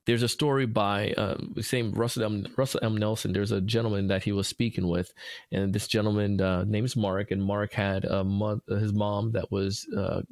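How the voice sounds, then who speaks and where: Male podcast host, low and gravelly, earnest and encouraging, dry close sound. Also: flat delivery, moderate pace, a little mellow, no echo. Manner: earnest, encouraging, with frequent restarts. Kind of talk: devotional podcast talk.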